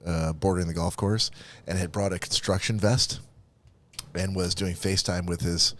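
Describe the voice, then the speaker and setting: A man co-hosting a podcast in casual chat, with relaxed, wry remarks. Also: sits low, moderate pace. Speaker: podcast co-host.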